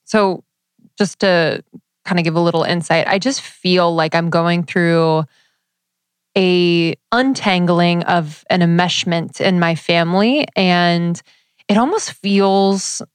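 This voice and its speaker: A woman's voice: fairly low pitch, slow pace, smooth, no echo. A woman co-hosting a casual chat, speaking earnestly and reflectively with casual swearing. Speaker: podcast co-host.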